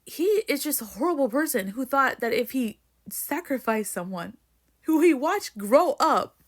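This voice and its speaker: A woman's voice: high voice, expressive, unhurried. Emotional, swearing young woman. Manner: emotional, swearing, rambling with lots of "like". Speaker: book vlogger. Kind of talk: casual book discussion vlog.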